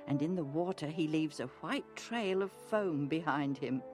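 A woman narrating a Bible story gently and expressively, in a scripted storybook reading. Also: low-pitched, moderate pace. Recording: narration over music.

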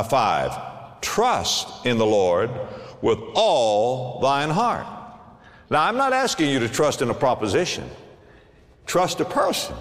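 A middle-aged male pastor preaching a sermon, swinging from low, quiet asides to loud, emphatic exclamations. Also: big-room sound.

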